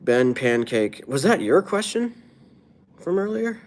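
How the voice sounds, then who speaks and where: A tired man with an American accent, chatting casually on a livestream, reading viewer comments out loud and repeatedly asking people to subscribe. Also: on the high side, sing-song, unhurried.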